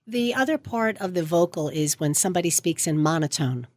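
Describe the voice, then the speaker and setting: Emphatic woman speech coach, low-pitched. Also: lively intonation, a little fast, no echo, studio quality. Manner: emphatic, coaching tone, stressing key words. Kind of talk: radio guest interview. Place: radio studio. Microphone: studio microphone.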